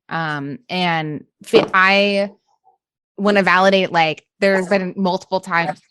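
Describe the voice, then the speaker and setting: A woman from Appalachia hosts a podcast interview, earnest and casual, leaning heavily on "like" and swearing now and then. Her voice is on the low side, steady, slow, a bit bright, clear and resonant, with no room sound.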